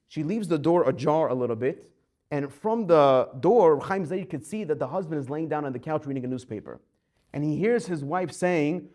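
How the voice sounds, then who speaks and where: A man giving a Torah class as a rabbi, telling a story with lively acted-out dialogue. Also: fairly high pitch, moderate pace. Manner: animated storyteller acting out quoted voices.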